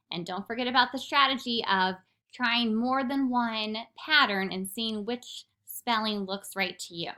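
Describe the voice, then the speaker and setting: A woman teacher gives a recorded phonics lesson to young children, sounding out words slowly, clearly, and patiently. Her voice sits on the high side and comes across pushed and bright.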